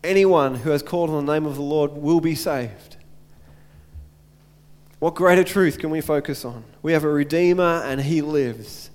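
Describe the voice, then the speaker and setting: Male pastor, earnest sermon delivery, rhetorical repetition, slightly high voice, echoing church. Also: moderate pace, darkish tone. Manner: earnest, repeats phrases and asks rhetorical questions.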